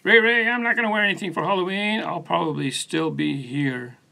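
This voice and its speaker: A man's voice: high-pitched, brisk, vocal fry, pushed and bright. A man hosting his own channel, chatting casually on a live stream from his studio and answering viewers by name in a laid-back, rambling way, recorded on a phone set on a post. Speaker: channel host. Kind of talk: casual live stream chat reading comments.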